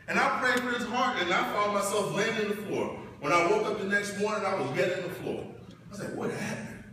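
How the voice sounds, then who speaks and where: A middle-aged man giving a parent's graduation speech, telling personal stories in a preacher-like way that swells loud and high as he builds up. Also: brisk, slight background noise. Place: large hall or church. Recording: echoey hall, distant mic.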